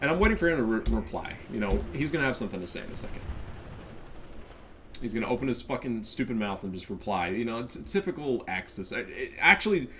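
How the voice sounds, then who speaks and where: Profane, animated man casting a match. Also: medium pitch, fast, a little hiss or hum. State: stuffy nose. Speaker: game caster. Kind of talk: casual game commentary.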